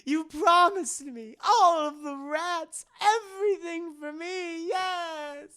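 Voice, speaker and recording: A man's voice: very high-pitched, slow pace, sharp tone, voice pushed up, full character voice. Man putting on a whimpering groveling servant. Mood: pleading, crying. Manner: whimpering, crying while he begs. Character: groveling male servant, miserable and pleading. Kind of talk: comic retelling of a film scene.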